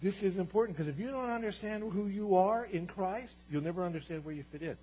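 A man's voice: high-pitched, brisk, dark tone, a little hiss or hum. A man preaching a sermon as pastor, earnest and building to emphatic repeated declarations. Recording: dull, lo-fi sermon recording.

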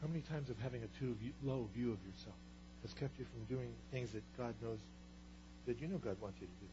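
A man giving conversational Bible teaching, animated and storytelling, with rhetorical questions, on a slightly muffled recording with a faint hum. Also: medium pitch, brisk.

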